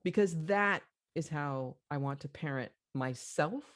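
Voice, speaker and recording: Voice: mid-range voice, unhurried. A podcast host telling a story in an earnest, reflective conversational way, with frequent fillers.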